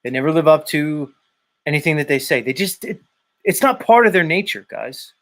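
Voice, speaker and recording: A man's voice: fairly high pitch, expressive, normal speed, a bit bright. A man hosting a casual live stream, reading viewer comments aloud and lecturing in a blunt, repetitive, emphatic way. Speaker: show host.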